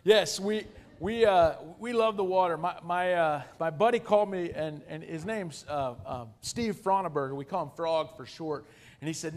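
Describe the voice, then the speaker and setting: A man in his forties, a guest speaker, telling a humorous story to a congregation in an animated, self-deprecating way, often addressing the audience directly. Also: fairly high pitch, normal speed.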